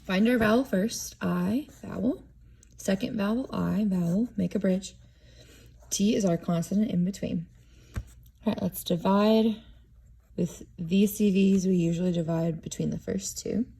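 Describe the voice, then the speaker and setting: Woman teacher with a mellow, slightly husky voice, guiding a class through a lesson one step at a time. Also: medium pitch, a little slow. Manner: step-by-step, modeling each step aloud. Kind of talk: classroom instruction on syllabication.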